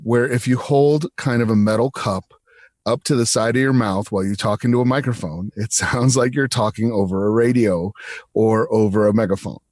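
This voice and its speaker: A man's voice: medium pitch, a little mellow, no room sound. Easygoing podcast guy, dry sound. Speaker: podcast co-host. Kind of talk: casual podcast chat.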